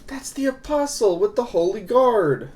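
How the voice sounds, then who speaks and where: A man's voice: high voice, big pitch swings, measured pace, a little mellow. A young man casually commenting on a game during a live stream, swearing freely and chuckling to himself. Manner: loose, swearing, chuckling asides.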